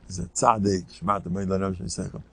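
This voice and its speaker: An older man, a rabbi, giving a rambling informal lecture full of anecdotes and Yiddish words, sometimes squeaking out children's voices. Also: steady tone, fast, creaky, fairly bright tone, no room sound. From United States.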